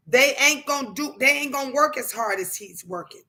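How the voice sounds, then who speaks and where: A woman's voice: sits high, lively intonation, fairly quick, few pauses, bright, forceful tone. A woman chatting casually on a livestream, greeting viewers and talking emphatically in plain, colloquial speech, repeating phrases to drive her points home. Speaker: livestreamer and mother.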